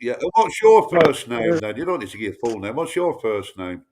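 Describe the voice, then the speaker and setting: A man's voice: mid-range voice, big pitch swings, a little fast, a little mellow. A man in his fifties with a northern English accent, chatting casually as a guest on a video call and swearing freely. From northern England. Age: 50s. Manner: chatty, swears freely, says "mate" and "bloody". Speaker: guest on a live stream. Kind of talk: casual chat.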